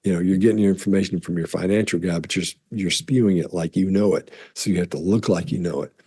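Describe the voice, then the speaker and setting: A man, a body language analyst, talking casually to camera and rambling through stories with restarts and throat clearing. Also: deep voice, fast, mellow.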